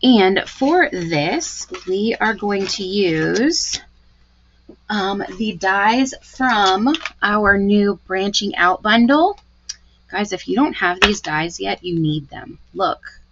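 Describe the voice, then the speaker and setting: A woman's voice: medium pitch, lively intonation, takes it slowly, fairly bright tone, highs cut off, a little hiss or hum. A woman giving a live craft tutorial, chatty and gushing as she talks through each step. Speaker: card-making demonstrator.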